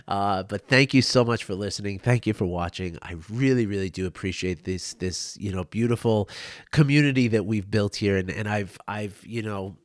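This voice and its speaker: A man's voice: lowish voice, dry recording. A middle-aged man and life coach, talking through tears in a personal video to his viewers, open and emotional. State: tearful.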